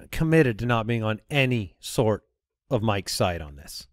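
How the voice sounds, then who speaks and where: A man's voice: fairly low pitch, measured pace, no room sound, studio quality. A man in his thirties co-hosting a comedy podcast, telling stories in casual chat with jokey asides. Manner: animated storyteller, jokey asides.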